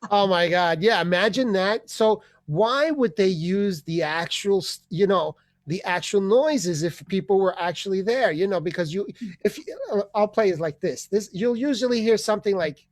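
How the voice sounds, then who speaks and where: A man's voice: high voice, normal speed, few pauses, no room sound, clean studio sound. A man hosting an online open mic, ranting and rambling with profanity and sudden voice changes, over a video call. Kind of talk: comedy rant.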